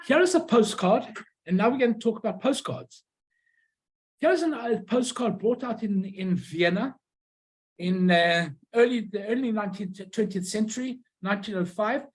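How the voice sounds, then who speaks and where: A middle-aged woman giving an informal illustrated lecture on postcards, who often pauses to search for her words and tells anecdotes along the way. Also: medium pitch, poor audio.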